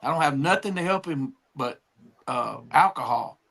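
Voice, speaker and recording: A man's voice: fairly high pitch, animated, normal speed, gravelly, a bit bright. A man, co-hosting a live stream and chatting straight to the viewers as he starts a story. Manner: chatty, addresses the audience directly. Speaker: co-host.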